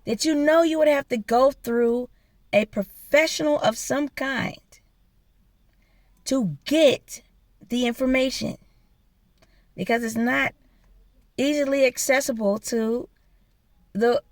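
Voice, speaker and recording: A woman's voice: a little high, takes it slowly, long pauses, no echo. A woman vlogger telling a personal story in a blunt, profane, emphatic way. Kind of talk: casual storytelling rant.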